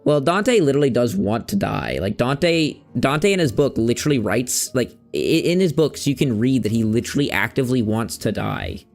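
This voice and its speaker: Young male streamer, easygoing rambling chatter, mid-range voice, soft game music in the background. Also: medium pitch, animated, normal speed, gravelly, few pauses. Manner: rambling, loose slang, searching for words. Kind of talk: casual chat while playing a game.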